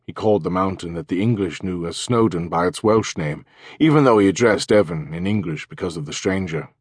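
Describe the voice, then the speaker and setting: A man narrating an audiobook in a measured, even reading. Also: low voice, husky, dry recording, studio quality. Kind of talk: scripted narration.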